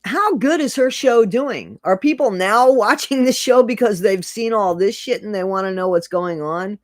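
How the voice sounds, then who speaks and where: A man's voice: high-pitched, normal speed, no room sound. A man hosting a casual live stream, talking earnestly and emotionally, swearing now and then and greeting viewers from the chat by name.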